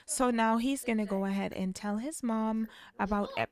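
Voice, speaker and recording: A woman's voice: fairly high pitch, normal speed, a little mellow, no echo. A young woman in casual game commentary, narrating a story-driven life-sim playthrough and chatting to viewers. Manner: chatty, addresses viewers as you guys. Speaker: let's play narrator.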